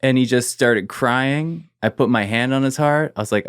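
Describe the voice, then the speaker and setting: A man's voice: medium pitch, normal speed, clean tone, no room sound, clean studio sound. A man, a guest in an interview, telling a personal story casually and leaning on "like" as he goes. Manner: casual, fills with "like", trails off quietly.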